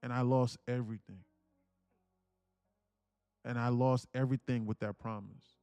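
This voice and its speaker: A man's voice: mid-range voice, fairly even intonation, moderate pace, warm tone, clean tone, dry recording, soft background music. A young man telling an emotional story on a live stream, earnest and preachy, repeating himself, swearing casually and near tears. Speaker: day trading streamer.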